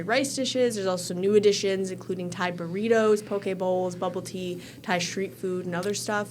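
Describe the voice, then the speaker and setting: A woman's voice: fairly low pitch, slight background noise. A woman hosting a casual news chat show, rambling and filling gaps with "you know". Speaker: show host.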